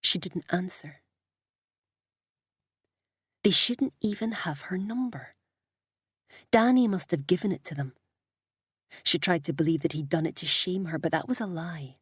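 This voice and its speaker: Husky woman narrating a story. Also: lowish voice, unhurried, pauses often, dry recording, clean studio sound. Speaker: audiobook narrator. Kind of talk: scripted narration.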